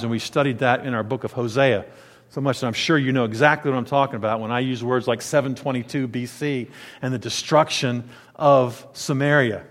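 A man preaching a sermon in a lively, conversational way, with dramatic pitch swings. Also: in a large hall. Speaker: pastor.

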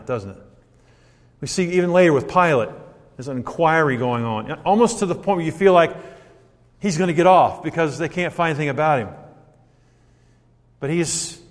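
A male preacher reads scripture and muses on it in a conversational, questioning way, pausing to correct himself. His voice sits a little high. It carries a long reverb from the church sanctuary. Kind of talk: sermon with scripture reading.

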